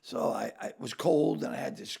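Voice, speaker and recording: An older man with a raspy, gravelly voice, telling stories loudly, laughing and acting out the people in them. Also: fairly high pitch, animated, brisk. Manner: loud, laughing, acts out voices in his stories. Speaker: comedian guest. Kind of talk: animated storytelling.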